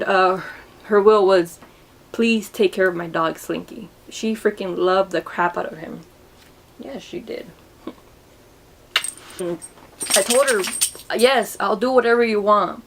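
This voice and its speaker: A young woman recounting a personal memory in a vlog, emotional and halting, often repeating and restarting her words. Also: medium pitch, slight background noise. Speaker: vlogger.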